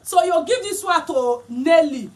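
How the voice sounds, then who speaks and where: A woman's voice: very high-pitched, expressive, a little slow, slight background noise. A woman with a Nigerian accent chatting casually as a vlogger while explaining and showing clothes. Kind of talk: casual chat.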